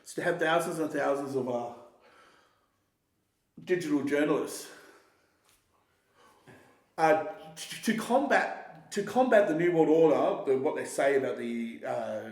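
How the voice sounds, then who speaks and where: A man with a somewhat high voice holds forth in a loose, casual conversation. He rambles, swears freely and keeps restarting his sentences, getting animated as he goes. His voice has a roomy echo around it. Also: unhurried, pauses often. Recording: echoey roomy sound.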